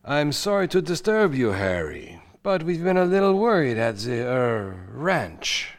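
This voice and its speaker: An actor playing a formal, hushed psychiatrist in a 1940s radio drama, with stiff, careful phrasing. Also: male voice, mid-range voice, sing-song, a little slow. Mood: grave. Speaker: doctor.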